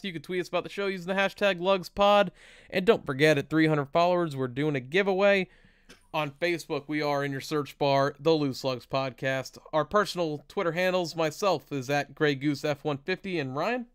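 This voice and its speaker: A young man co-hosting a casual podcast, chatty and upbeat as he runs through plugs and shout-outs. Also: fairly high pitch, clear, resonant tone, no room sound, studio quality. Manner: chatty, reads plugs in a quick upbeat run. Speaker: podcast co-host.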